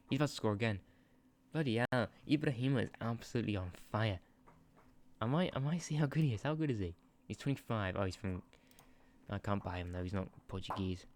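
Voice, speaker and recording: With a lowish, darkish voice, a gaming channel host chats casually over a football management game. He's easily sidetracked and laughs and swears as he speaks into a sensitive desk microphone.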